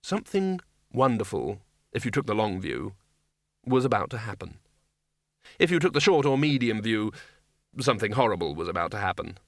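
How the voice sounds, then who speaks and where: An audiobook narrator reads a comic fantasy novel aloud in scripted narration, sounding wry and measured. His medium-pitched voice is bright and clear, recorded close and dry with no room sound or echo.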